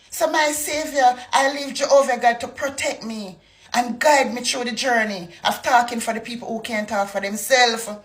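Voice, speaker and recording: A woman's voice: a little high, fairly bright tone, a little hiss or hum. A woman from Jamaica with a Jamaican accent, delivering a fiery political rant full of rhetorical questions. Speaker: political commentator.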